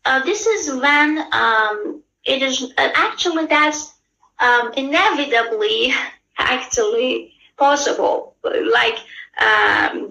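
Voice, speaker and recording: A woman teacher with a Persian accent speaks slowly, her voice bright and a little high. She explains patiently and keeps checking in with her class. The room sounds echoey. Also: vocal fry. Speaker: English exam teacher.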